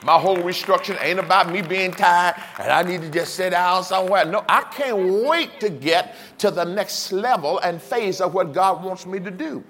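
A man's voice: sits high, normal speed, hardly any pauses, a bit bright, a little hiss or hum. A man in his sixties, a pastor preaching a sermon with emphatic repetition and chuckling asides to the congregation. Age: 60s. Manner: emphatic preaching with repeated call-and-response.

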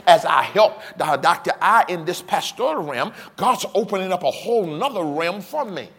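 A man's voice: sits high, expressive, moderate pace, gravelly, a bit bright, slightly rough. A man in his sixties, a pastor preaching a sermon with emphatic repetition and chuckling asides to the congregation. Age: 60s. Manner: emphatic preaching with repeated call-and-response.

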